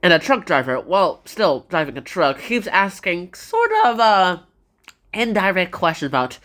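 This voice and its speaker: Playful female narrator for a casual book recap; low-ish, animated delivery. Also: a little slow. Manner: chatty, playful, acts out dialogue. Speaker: book summarizer. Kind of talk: casual spoken book summary.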